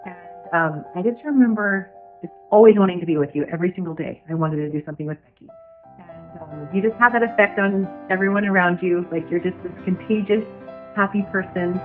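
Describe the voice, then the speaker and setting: A woman's voice: lowish voice, brisk, faint music behind. A woman recording a bubbly, affectionate birthday message to a close friend. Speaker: friend giving a birthday tribute. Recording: tinny phone-like audio.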